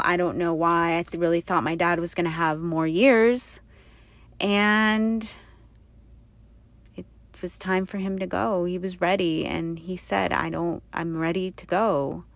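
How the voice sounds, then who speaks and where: A middle-aged woman hosting her own podcast, speaking softly and haltingly with many fillers, teary and emotional. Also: lowish voice, dry recording. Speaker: podcast host. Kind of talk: personal podcast monologue.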